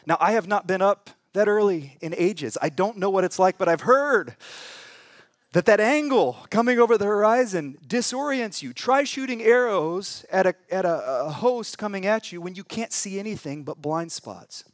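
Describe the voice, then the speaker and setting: A pastor preaches a sermon in church, his voice light and high for a man, with lively intonation and a moderate pace. He retells scripture like a campfire story, swinging widely in pitch and volume from a hush to loud, adding conversational asides and humor. The recording is dry and close to the mic.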